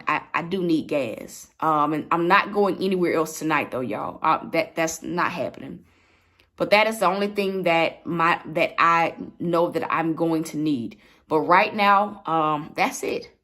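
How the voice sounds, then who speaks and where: A woman's voice: deep voice, a bit bright. A woman preaching to her livestream viewers from home, repeating her points with emphasis. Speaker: online preacher. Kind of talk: livestreamed sermon. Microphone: livestream mic.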